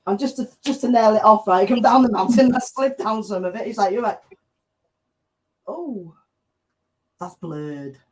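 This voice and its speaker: Woman, slightly high voice, blunt and teasing in casual banter. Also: fast talker, few pauses, a little mellow. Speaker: urban explorer on a live stream.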